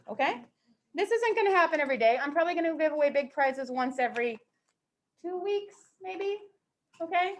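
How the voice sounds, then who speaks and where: A woman's voice: sits high, very animated, moderate pace. A woman teaching a math class to students in the room and online, playful and teasing with mock-dramatic outbursts.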